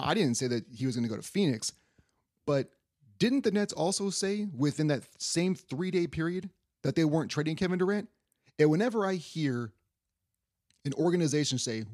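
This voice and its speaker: A man's voice: a little high, a little mellow, dry recording, studio quality. A young man hosting a casual sports podcast, rambling loosely and swearing offhand. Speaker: podcast host.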